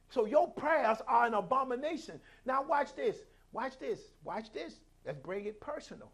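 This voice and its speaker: High-voiced preaching man. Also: expressive, moderate pace, few pauses, fairly bright tone, husky. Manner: preaching with call-outs, acting out quoted voices. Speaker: pastor. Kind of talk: sermon.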